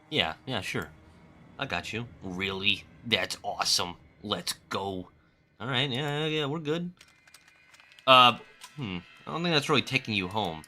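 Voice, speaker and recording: A man's voice: fairly low pitch, expressive, a little slow, pushed and bright, soft background music. A young adult man streaming a game with casual commentary, loose, joking and profane. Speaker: gaming streamer.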